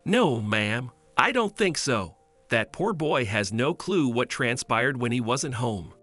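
A man voicing a gentle, humble older homeless man who speaks politely and gratefully. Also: mid-range voice, big pitch swings, takes it slowly, dry recording, soft background music, full character voice.

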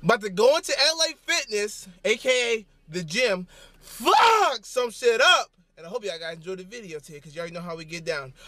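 A young man vlogging casually to camera about his gym day and meals, crude and joking, with sudden loud shouts. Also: high-pitched, very animated, fairly quick. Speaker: fitness vlogger. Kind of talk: casual vlog chat to camera. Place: gym and home.

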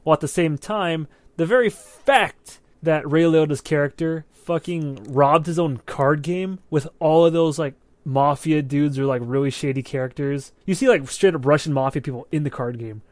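Co-hosting the movie podcast, he talks at a moderate pace with few pauses, his fairly high voice recorded dry. The chat is casual, animated, and profane, peppered with checks of "right?".

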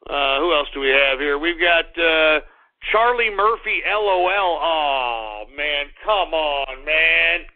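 A man with a Texan accent hosting an internet radio talk show, blustery and indignant, drawing words out and then ranting fast. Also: a little high. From Texas. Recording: tinny phone-line sound.

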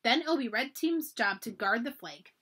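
A woman's voice: a little high, lively intonation, normal speed, husky, heavily acted. A woman voicing a kindly, encouraging camp director as she reads a children's book aloud. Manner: gentle, encouraging storybook voice.

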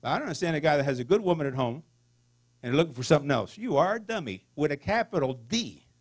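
A man's voice: fairly high pitch, big pitch swings, fast talker. A middle-aged man preaching a folksy sermon as a pastor, throwing in call-and-response asides to the congregation.

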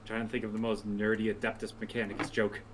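Crude teasing mid-pitched co-commentator. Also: completely flat delivery, fast talker, noisy background. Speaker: co-commentator friend. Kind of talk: casual gaming chat.

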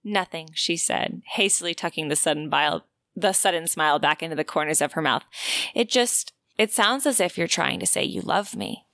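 Bright-voiced woman reading a novel aloud. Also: sits low, normal speed, no echo. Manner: expressive reading of novel passages. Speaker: podcast co-host. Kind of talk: book recap podcast, reading excerpts aloud.

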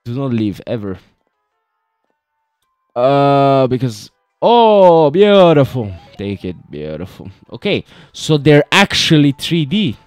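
A man's voice: medium pitch, very animated, takes it slowly, dry recording, clean studio sound, faint music behind. A young man joking his way through a horror game playthrough, chatting and calling everyone "bro". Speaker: gaming video host.

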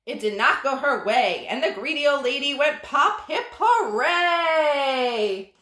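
A woman leads a playful toddler yoga class with a high, bright voice that swoops around. She talks slowly and makes animal sounds. The sound is roomy and she stands back from the mic. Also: far from the mic. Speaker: yoga instructor.

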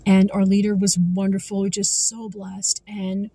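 A woman giving an earnest devotional talk as a Christian vlogger, reading scripture slowly and carefully. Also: medium pitch, completely flat delivery, dark tone, breathy edge, poor audio.

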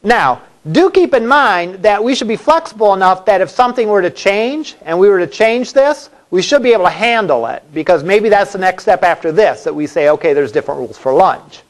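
A man's voice: high voice, lively intonation, brisk, hardly any pauses. A male college instructor giving a classroom lecture in a conversational way, asking the class questions as he goes.

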